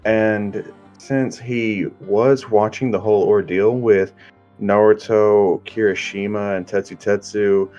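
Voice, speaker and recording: A man hosting and narrating a fan story in a relaxed, measured way, on a muffled recording. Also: fairly low pitch, soft background music. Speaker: host.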